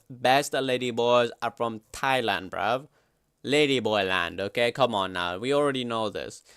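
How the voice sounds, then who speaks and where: A man's voice: mid-range voice, normal speed, gravelly, no room sound, studio quality. Slangy young streamer guy. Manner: loud, slangy, excitable outbursts. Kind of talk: casual reaction commentary.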